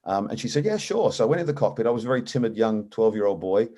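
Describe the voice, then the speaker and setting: A man's voice: on the low side, rapid-fire, lo-fi sound. A middle-aged man, an airline captain, telling his story in an interview and acting out the voices of people he quotes. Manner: animated storyteller, acts out quoted dialogue.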